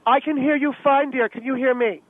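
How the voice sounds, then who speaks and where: Man putting on a haughty high-pitched society lady. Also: fairly even intonation, a little fast. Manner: haughty, gushing, calls people darling. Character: pompous gossiping American society lady, middle-aged. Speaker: guest character on radio show. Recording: tinny phone line.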